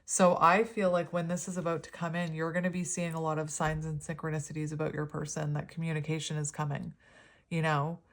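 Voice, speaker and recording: A woman in her thirties giving a pick-a-card tarot reading at home, talking gently and rambling with fillers. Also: low voice, little pitch movement, a little fast. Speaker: tarot reader.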